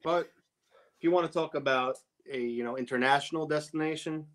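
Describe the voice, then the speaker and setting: A man's voice: on the high side, a little fast, a bit bright. Laid-back man, tobacconist co-host. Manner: laid-back, brief answers. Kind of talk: casual cigar podcast chat.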